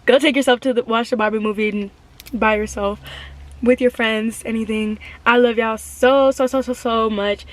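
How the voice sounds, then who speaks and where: High-voiced young woman gushing to camera. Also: fairly even intonation, moderate pace. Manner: chatty and gushing, heavy with slang. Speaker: vlogger. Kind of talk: casual chat to camera.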